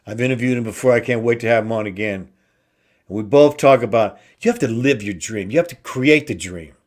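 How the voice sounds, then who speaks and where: A man hosting an inspirational talk show, slowly repeating simple phrases with emphasis. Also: mid-range voice. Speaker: host.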